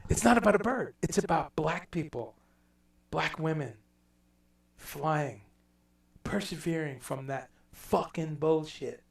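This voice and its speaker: A man hosting a casual livestream chat, telling stories in a rambling, animated way and dropping in profanity. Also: fairly high pitch, slow, gravelly, reverberant, far from the mic. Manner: rambling, animated storytelling with mock accents and profanity. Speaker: livestream host.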